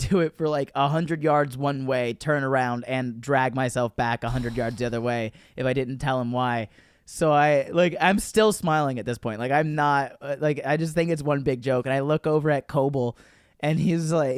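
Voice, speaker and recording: A man from Florida, a comedian guest on a podcast, telling an animated story in casual chat and laughing as he goes. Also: medium pitch, clean tone, no room sound, studio quality.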